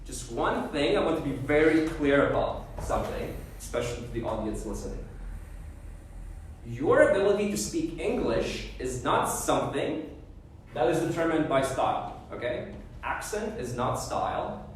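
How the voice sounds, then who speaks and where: A man's voice: on the high side, very animated, moderate pace. Lecturing man in an echoey room. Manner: explains with repeated checks like "okay?" and "right?". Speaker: debate lecturer. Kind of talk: classroom lecture. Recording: echoey room, voice far from the mic, faint background noise.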